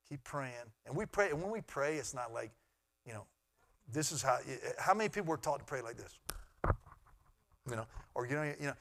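A middle-aged man, a pastor, preaching a sermon in an earnest way that swings from loud to hushed. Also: mid-range voice, expressive, moderate pace, pauses often.

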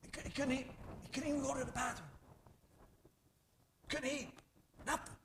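A man preaching a sermon as pastor, animated and conversational, jumping from loud bursts to hushed asides. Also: extremely high pitch, racing, a little hiss or hum.

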